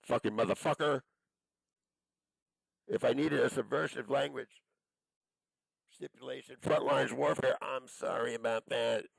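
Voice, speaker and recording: A man's voice: medium pitch, fairly even intonation, measured pace, gravelly, pauses often, breathy edge, no room sound, rough recording. A man delivering an angry, profane monologue, accusing and cursing as he rambles from one charge to the next.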